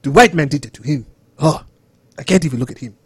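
A young man, joking loudly and then dropping low as a podcast co-host. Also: quick pace, breathy edge, no echo. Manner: animated, joking, swings loud and soft. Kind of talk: casual podcast chat.

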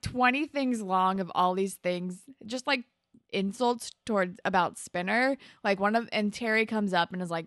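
This podcast co-host has a mid-range voice, captured dry with clean studio sound. While recapping an episode in relaxed conversation, she gets animated and performs the characters' dialogue.

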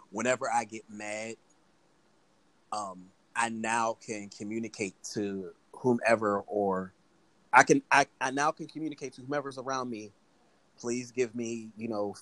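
A man's voice: fairly low pitch, no room sound, low-quality recording. A man co-hosting a casual conversation, speaking candidly and laughing easily.

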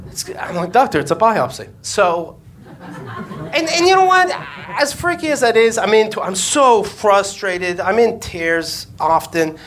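Animated man telling a crude story live. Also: high voice, a little slow. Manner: crude, animated, acts out quoted voices. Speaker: comedian and podcast host. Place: stage before a live audience.

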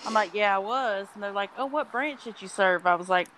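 A woman who served as a Marine, talking bluntly and profanely in casual chat, animated when she quotes people. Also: mid-range voice, fast, a little hiss or hum, low-quality recording. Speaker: veteran podcast guest.

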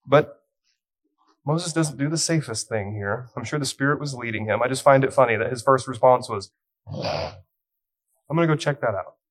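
In this poorly recorded sermon, a young youth pastor speaks with a mid-pitched, fairly bright voice at a moderate pace. Humor runs lightly through his storytelling, while the scripture is read with dramatic weight.

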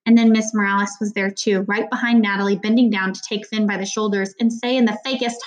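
A woman reading an audiobook narration, even and steady. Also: mid-range voice, brisk, few pauses. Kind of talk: scripted narration.

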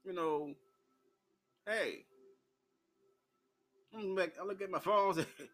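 A man's voice: high voice, slow, long pauses, a bit bright. A man from Memphis, hosting an uncensored solo talk show, brash and profane, laughing often as he tells his stories.

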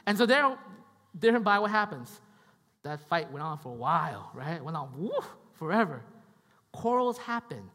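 A man's voice: on the high side, big pitch swings, normal speed, pushed and bright, big-room sound. A man preaching a sermon in a conversational way, often repeating himself and checking in with the congregation. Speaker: pastor.

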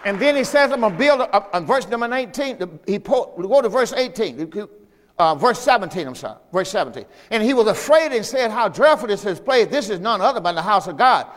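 A middle-aged pastor delivers a sermon in a notably high voice, reading scripture and breaking off to urge the congregation. His words ring out with a long reverb from the church sanctuary. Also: lively intonation, brisk, a bit bright, a faint crowd. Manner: preaching, reading scripture aloud with call-and-response asides.

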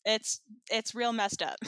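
A woman co-hosting a podcast, recapping an episode in relaxed storytelling with small laughs. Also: on the high side, slow, no room sound. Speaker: podcast co-host.

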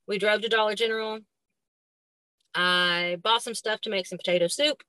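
A middle-aged woman with a Southern American accent talks as a podcast guest, her voice bright and clear against a dry, close sound. She tells her story haltingly, with plenty of ums and restarts, and slips into the voices of the people she quotes. Her pitch sits in a middle range. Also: fairly even intonation, no echo. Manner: halting, frequent fillers and restarts, acts out quoted dialogue. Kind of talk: personal storytelling in an interview.

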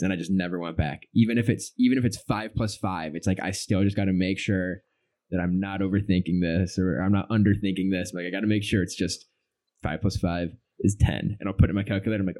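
A man's voice: deep voice, steady tone, fast, a little mellow. A young man co-hosting a podcast in casual chat, rambling through stories and acting out his own reactions. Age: young adult. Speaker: podcast co-host.

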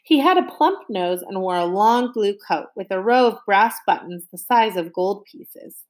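A woman reads a children's novel aloud with a lively, animated intonation, pausing to quiz her young listeners. Her delivery swings up and down as she tells the story. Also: mid-range voice. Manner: lively, stops to ask listeners questions. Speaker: reader.

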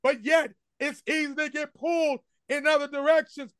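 A man preaching from the pulpit in a strikingly high voice, pressing each point with repeated refrains. The sound is close and dry, with hardly any room around it. He speaks straight to the congregation, and they answer him. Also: steady tone, normal speed, a bit bright, no echo. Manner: emphatic call-and-response preaching with repeated refrains. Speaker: senior pastor. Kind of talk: sermon. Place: church sanctuary.

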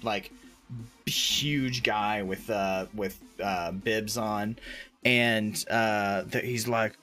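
A man chatting casually on a podcast, rambling through a story with restarts and fillers. He leans into it with laughter and mimics people in squeaky voices. Faint music plays underneath. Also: drawn-out words. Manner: animated storyteller, acts out characters in high put-on voices, laughs often. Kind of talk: casual chat about video games.

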